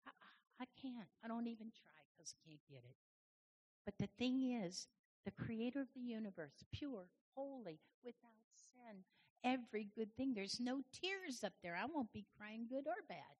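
A woman's voice: a little high, lively intonation, moderate pace, darkish tone, muffled recording. A woman giving an informal, conversational sermon to a congregation, chatting with people in the room as she speaks. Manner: conversational, chatty with the audience, many restarts. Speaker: church speaker.

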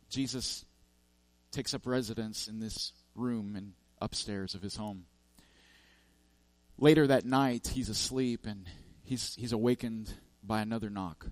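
In a recording with no room sound, a man of medium pitch preaches a sermon built around a parable. He leans on emphatic, repetitive lists and keeps restarting his sentences.

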